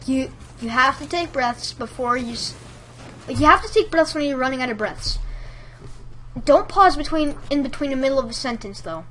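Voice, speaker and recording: A woman's voice: high-pitched, expressive, normal speed, fairly bright tone, a little hiss or hum. A woman giving casual tutorial tips in a chatty, rambling way, full of fillers. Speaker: YouTube commentator giving tips.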